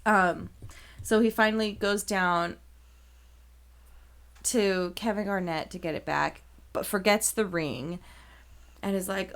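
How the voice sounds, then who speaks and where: A woman's voice: mid-range voice, slow, long pauses, fairly bright tone. A woman co-hosting a podcast, animatedly retelling a movie plot in casual chat, full of "like" and casual swearing. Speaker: podcast co-host.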